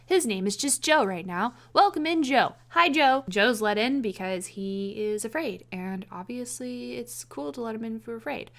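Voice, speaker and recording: A woman rambling casually about how she would rewrite a film, sarcastic, with quick restarts. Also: medium pitch, fairly bright tone. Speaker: video essayist.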